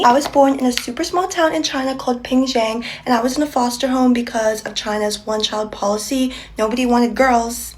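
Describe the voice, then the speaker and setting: High-voiced woman chatting casually. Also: fairly even intonation, brisk, hardly any pauses, a little hiss or hum. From Canada. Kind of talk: casual get-ready-with-me chat.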